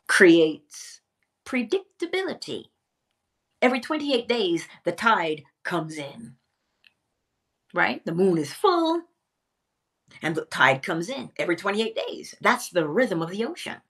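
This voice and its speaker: A woman teaching a spiritual lesson in a theatrical way, pausing often and dropping to a whisper for emphasis. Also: mid-range voice, slightly rough.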